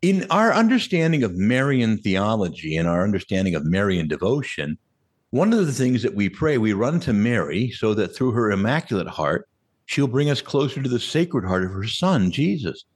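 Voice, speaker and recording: Male Catholic priest, husky, animated sermon delivery, mid pitch, lively intonation. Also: moderate pace. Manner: animated, conversational preaching with rhetorical questions.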